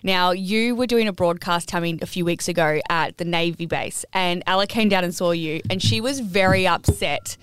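A woman's voice: lowish voice, moderate pace, hardly any pauses, smooth. A woman from a radio station's roadshow team, telling stories in a chatty, casual way. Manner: chatty storyteller. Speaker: radio roadie. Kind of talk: casual podcast chat. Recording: dry close studio sound.

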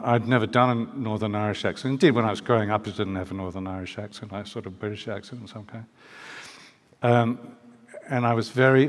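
An older man from New Zealand, a guest author telling stories at a live book talk in a wry, hesitant way, with many fillers and restarts. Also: fairly low pitch. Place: live event venue. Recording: reverberant hall.

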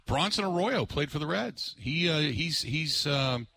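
A man rambles excitably through live sports talk radio from a remote setup, with frequent filler words. His voice leans high, bright and forceful with a creaky quality, at a measured pace, and the audio has no echo.

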